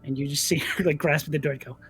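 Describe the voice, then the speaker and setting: A man acting as dungeon master, narrating a tabletop game in a relaxed, descriptive way and reading out game rules. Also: a little high, rapid-fire, a little hiss or hum.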